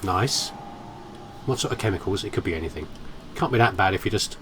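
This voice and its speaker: A man's voice: low voice, expressive, a little fast, fairly bright tone, slight background noise. A man commentating his horror game playthrough in a playful, musing, self-mocking way. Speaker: gaming commentator. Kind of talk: let's play commentary.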